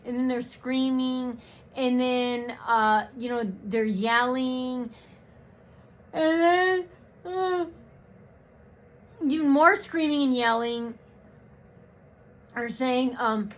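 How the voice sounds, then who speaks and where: A woman's voice: fairly high pitch, fairly even intonation, slow, pauses often. A woman vlogger in a rambling personal rant, profane and mocking, with many fillers.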